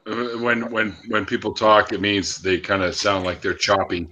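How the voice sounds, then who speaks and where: A man's voice: on the low side, normal speed, a little hiss or hum. A man hosting a livestream, chatting casually over a video call with many "uh" fillers. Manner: relaxed, filler-heavy, hesitant. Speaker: livestream host. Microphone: computer mic on a video call. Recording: dull lo-fi call audio.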